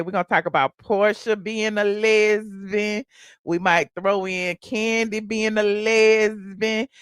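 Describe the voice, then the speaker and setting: Woman, live-stream gossip host, chatty, laughs often, mid-pitched voice, dry close sound. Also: fairly bright tone, dry recording. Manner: chatty, laughs often, reads viewer comments aloud. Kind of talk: casual live-stream chat.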